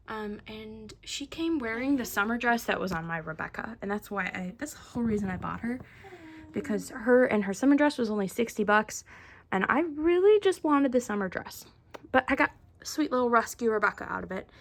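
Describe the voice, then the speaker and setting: A young woman hosts a relaxed show-and-tell vlog, filling her talk with ums and likes. Her voice sits a touch high and carries a gravelly fry, and she slips into soft whispers at times. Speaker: doll collecting vlogger.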